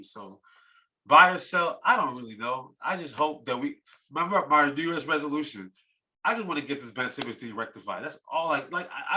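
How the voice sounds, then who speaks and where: Bright-voiced man ranting on sports. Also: on the high side. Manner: heated, ranting. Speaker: podcast co-host. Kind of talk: sports talk rant.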